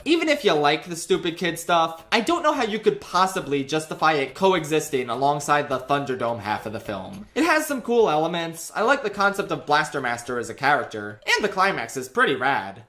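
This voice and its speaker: Lively sarcastic man ranting in a review. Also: on the high side. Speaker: film reviewer. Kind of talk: scripted video review narration.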